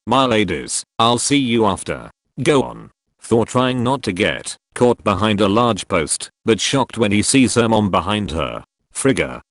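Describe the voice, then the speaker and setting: A man reads a movie retelling aloud, naming each speaker as he goes. His voice is low, and his intonation moves a lot. The recording is dry and close. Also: dry recording. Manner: plain reading, announcing each speaker.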